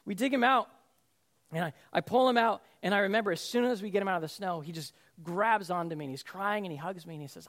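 Young male preacher, high-pitched, storytelling sermon, vivid and loose with fillers. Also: fast talker. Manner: vivid storytelling, acts out shouted quotes, frequent fillers and restarts.

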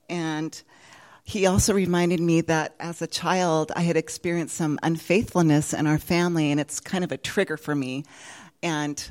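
A middle-aged woman giving an earnest, emotional church testimony, laughing softly now and then. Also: on the low side. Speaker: speaker sharing a testimony.

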